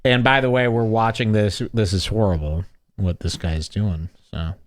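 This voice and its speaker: A man hosting a podcast, casually reacting to a video clip in an animated, excitable way, laughing often. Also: lowish voice, normal speed. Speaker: podcast host.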